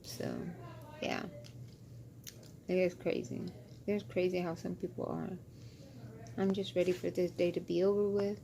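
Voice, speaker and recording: A woman's voice: on the low side, mellow. Young woman vlogging over background noise. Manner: ranting, retelling gossip with quoted dialogue. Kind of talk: casual chat.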